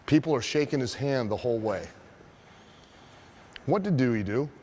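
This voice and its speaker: Profane, animated wrestling trainer. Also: male voice, mid-range voice, normal speed, slight background noise. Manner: profane, animated, asks rhetorical questions. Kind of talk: storytelling lesson.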